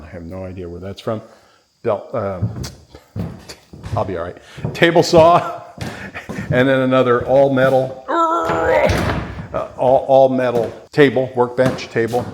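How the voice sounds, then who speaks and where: A man giving a casual walkthrough of a workshop barn as a real estate agent, rattling off tools like an auctioneer. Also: mid-range voice. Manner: rambling, listing tools like an auctioneer.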